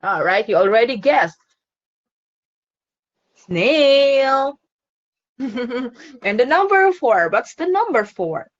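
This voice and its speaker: A woman's voice: on the high side, sing-song, slow, pauses often, highs cut off. A woman teaching an online phonics lesson to a child, cheerful and encouraging, laughing often.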